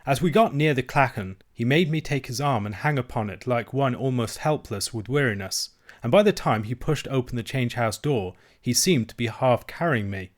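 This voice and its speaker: A male audiobook reader uses a mid-range voice to narrate a classic novel. The scripted delivery is measured and even, in a storytelling style.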